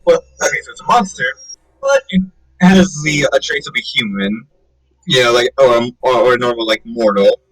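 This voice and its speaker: Man, game player, casual, hesitant, thinking aloud, mid-pitched voice. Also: expressive, moderate pace, no room sound, distant mic, low-quality recording. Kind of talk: casual tabletop game play.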